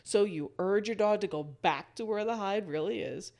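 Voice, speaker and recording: A woman hosting a casual storytelling monologue, lively, laughing often and walking the listener through a scene. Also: mid-range voice, moderate pace.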